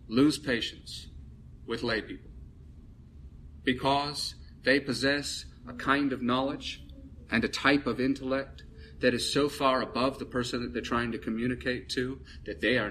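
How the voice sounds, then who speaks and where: A man's voice: mid-range voice, pushed and bright, a little hiss or hum. A man preaching a sermon, emphatic, building with repetition and rhetorical questions.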